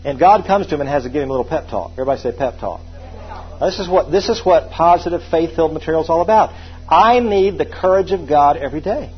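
A man's voice: fairly high pitch, quick pace, dull audio, slight background noise. A man preaching a sermon, emphatic and repetitive, calling on the congregation to repeat phrases back to him.

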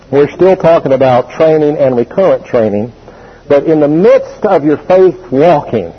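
A man's voice: medium pitch, husky, muffled recording. A man preaching a sermon with emphasis, telling the congregation to write things down and to repeat key words. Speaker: pastor.

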